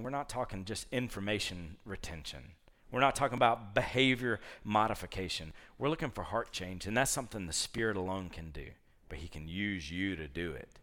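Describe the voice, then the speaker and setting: A man's voice: lowish voice, a bit bright. Folksy, conversational male preacher. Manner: conversational, storytelling, folksy asides. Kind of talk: sermon.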